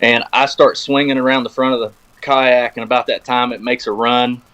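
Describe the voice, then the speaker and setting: A man of middle pitch, talking easily as a guest on a podcast. He spins a long story, slips into the voices of the people he quotes, and laughs along as he goes. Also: moderate pace, clear, resonant tone, highs cut off. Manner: animated storyteller, acts out quoted phone talk. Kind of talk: casual storytelling chat. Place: podcast recording room.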